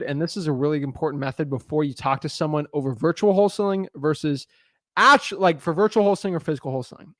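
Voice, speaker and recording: A man's voice: fairly high pitch, no room sound, studio quality. A young adult man coaching on real estate wholesaling in a live video, speaking with a confident, emphatic manner. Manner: confident, emphatic, pushy delivery.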